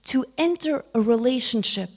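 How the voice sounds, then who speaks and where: A woman's voice: fairly high pitch, expressive, moderate pace. A middle-aged woman giving a Torah lecture, telling stories, acting out the dialogue and dropping to a whisper for emphasis. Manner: storytelling, acts out quoted dialogue. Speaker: speaker.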